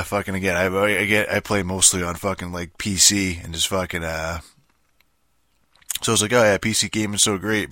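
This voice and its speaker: Deep-voiced man ranting, swearing constantly. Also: pushed and bright, no room sound, clean studio sound. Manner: profane, rambling, heavy filler swearing; sarcastic, mocking. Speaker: gaming commentator. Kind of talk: casual ranting monologue.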